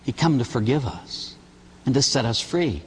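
A man, a Catholic priest, preaching a sermon with animated, emphatic delivery and storytelling. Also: mid-range voice, moderate pace, husky, long reverb tail.

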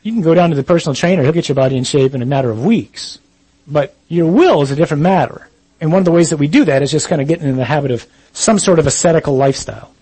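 A man's voice: fairly high pitch, racing, dark tone, breathy edge, no echo, poor audio. A Catholic priest giving a talk, earnest and blunt, speaking straight to his listeners and mixing in joking asides. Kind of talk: sermon-style talk on chastity.

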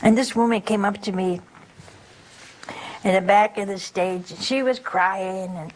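A woman's voice: mid-range voice, animated, normal speed, low-quality recording. An older woman giving a spiritual talk, telling folksy stories and asking rhetorical questions. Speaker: religious speaker.

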